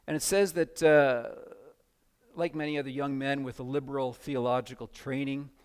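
A man's voice: mid-range voice, little pitch movement, normal speed, clean tone. Earnest male pastor preaching. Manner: earnest, builds to loud emphatic passages. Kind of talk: sermon.

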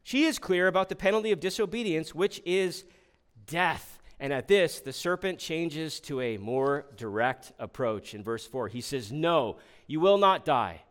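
Expressive preacher man, rhetorical questions. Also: on the high side, moderate pace, clear, resonant tone. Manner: expressive, rhetorical questions, voices the serpent in quotes. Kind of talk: sermon.

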